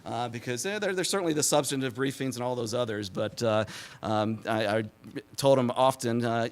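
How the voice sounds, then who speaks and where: A man in his forties speaking at a symposium, telling stories with many fillers and laughing at his own jokes. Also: on the low side. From Texas. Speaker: symposium speaker, former press secretary. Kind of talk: public talk with anecdotes.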